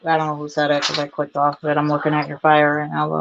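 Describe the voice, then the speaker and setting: A woman's voice: low-pitched, monotone, fast talker, creaky, background noise. A woman in her thirties chatting casually on a game livestream, laughing often and poking fun at herself. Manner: giggly, laughs often, self-deprecating. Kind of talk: casual chat while gaming. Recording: dull lo-fi stream audio.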